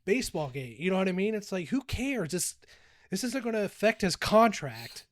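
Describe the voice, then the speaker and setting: A man's voice: high-pitched, moderate pace, no room sound, studio quality. A man around forty telling a story in casual podcast chat, acting out what he said to people. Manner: animated storytelling, acts out quoted exchanges. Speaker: podcast co-host, former youth coach.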